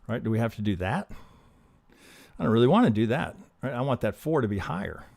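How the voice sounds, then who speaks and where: In a sing-song, gravelly, slightly mellow medium-pitched voice, a man briskly teaches trading on a live stream. Casual and profane, he talks himself through charts with rhetorical questions.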